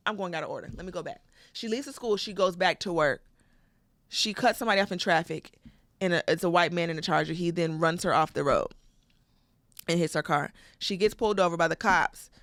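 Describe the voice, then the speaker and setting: Woman retelling a movie, profane and animated. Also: on the low side, no room sound, studio quality. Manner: animated, profane storytelling with acted quotes. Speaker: podcast co-host. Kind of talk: casual comedic chat, retelling a movie plot.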